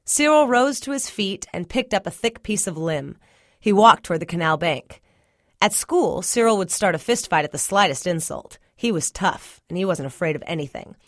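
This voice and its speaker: Lady reading a short story, lowish voice, steady pace, dry close mic. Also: no echo. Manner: measured, first-person storytelling. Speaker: story reader. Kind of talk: storybook narration.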